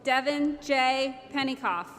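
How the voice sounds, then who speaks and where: High-voiced woman slowly reading names. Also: slight background noise. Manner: slow, measured name-by-name announcing. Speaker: commencement name reader. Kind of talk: reading graduates' names at a ceremony. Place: large ceremony hall. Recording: echoey hall with loud crowd ambience.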